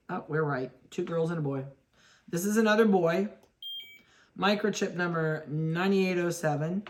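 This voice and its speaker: A woman dog breeder giving a chatty running commentary while handling puppies, talking to them and laughing at her own mix-ups. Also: deep voice. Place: indoors at a kennel.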